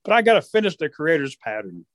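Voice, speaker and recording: A man's voice: on the high side, big pitch swings, quick pace, fairly bright tone, no room sound, clean studio sound. A man storyteller voicing a boastful, lazy male coyote trickster who brags and complains. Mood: weary. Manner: cocky, easily tired, whiny.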